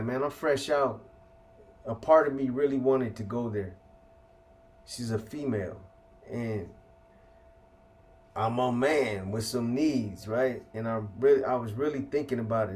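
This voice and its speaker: A man's voice: mid-range voice, darkish tone. A man from California bluntly recounting his past in casual street slang, with heavy profanity. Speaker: interviewee telling his life story. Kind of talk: casual storytelling.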